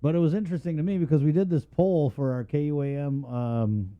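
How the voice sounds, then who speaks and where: A man's voice: a little high, a little fast, highs cut off. Chatty male radio co-host, phone-thin sound. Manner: chatty, rambling, joking. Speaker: morning radio show co-host. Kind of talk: casual morning show banter.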